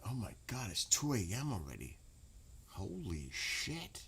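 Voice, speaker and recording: A man's voice: lowish voice, big pitch swings, brisk, breathy edge. A man, chatting casually and profanely to his late-night stream audience. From New York. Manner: rambling, profane, laughs loudly.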